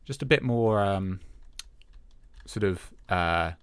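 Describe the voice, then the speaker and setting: A man with a deep, clear, resonant voice speaks slowly, with no room sound at all. He hosts a Minecraft let's-play, relaxed and talking to himself as he plays, narrating what he does with plenty of hesitant fillers in casual gameplay commentary.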